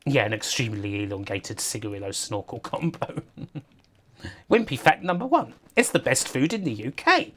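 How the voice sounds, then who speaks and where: A man's voice: medium pitch, expressive, normal speed, pushed and bright, slight background noise. A man giving casual, rambling livestream commentary over a game, laughing often and talking to his chat. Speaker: streamer.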